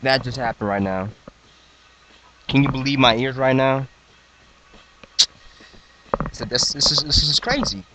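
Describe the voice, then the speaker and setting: A man in his twenties hyping up his rap crew, boastful, excitable and mock-dramatic. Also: medium pitch, a little slow, long pauses, background noise. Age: 20s. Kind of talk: hyped comedic freestyle intro.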